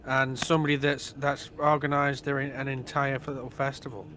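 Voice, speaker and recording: A man's voice: mid-range voice, little pitch movement, moderate pace, bright, forceful tone, a little hiss or hum. A man who is a regular guest on a livestream, trading dry, wry one-liners. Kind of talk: casual livestream chat.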